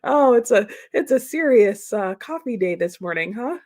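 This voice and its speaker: A woman's voice: fairly high pitch, animated, moderate pace, darkish tone. Chatty woman reading chat comments. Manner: chatty, laughs often, reads comments aloud. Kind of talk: casual livestream chat.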